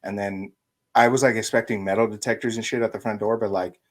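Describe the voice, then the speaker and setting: A young man from Denver, co-hosting a casual podcast. He talks in a relaxed, profane way and laughs at his own stories. His voice sits somewhat low. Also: quick pace. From Denver, USA. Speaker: podcast co-host. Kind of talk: casual storytelling chat.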